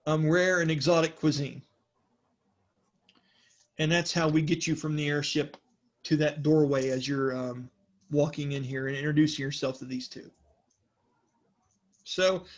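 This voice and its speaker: A man runs a tabletop role-playing session as game master, his voice sitting a little high. He rambles through descriptions, laughs often and stops to correct himself.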